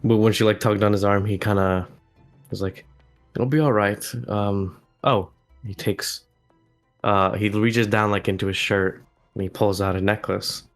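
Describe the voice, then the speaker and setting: Low, flat-voiced man player. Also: normal speed, faint music behind. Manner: hesitant, lots of "like" and "um". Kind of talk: tabletop game chat.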